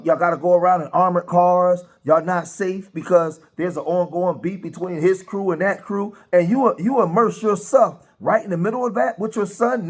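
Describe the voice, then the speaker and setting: Animated man commenting, rhetorical questions. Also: high-pitched. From grew up in a rough city neighborhood. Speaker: commentary host. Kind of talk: casual commentary.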